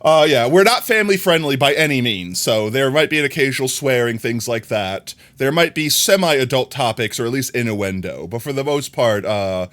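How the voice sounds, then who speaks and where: A man chatting casually with his viewers on a live stream, playful and teasing, laughing often and breaking into high squeals. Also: animated, moderate pace, hardly any pauses, a bit bright.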